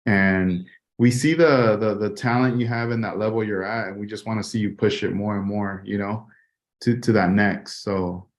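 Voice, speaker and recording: A man hosting a casual podcast, relaxed and encouraging, talking with loose fillers like "you know". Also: fairly low pitch, moderate pace. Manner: laid-back and encouraging, many fillers. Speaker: podcast host.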